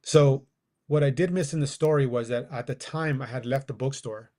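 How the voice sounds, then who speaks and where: Man telling a story with animated dialogue. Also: mid-range voice, moderate pace. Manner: animated, acts out quoted dialogue, laughs while telling. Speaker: guest. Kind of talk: casual storytelling.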